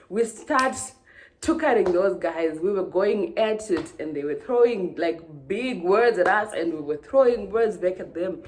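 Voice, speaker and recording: A woman from Zimbabwe, telling a storytime vlog in an animated way and acting out the dialogue. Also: medium pitch, unhurried, slight background noise. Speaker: vlogger.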